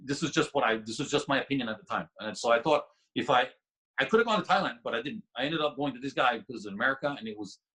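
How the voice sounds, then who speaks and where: A man's voice: mid-range voice, racing, husky, rough recording. A man guest on a podcast, telling a story casually with lots of restarts and laughter. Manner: animated, laughing, many restarts.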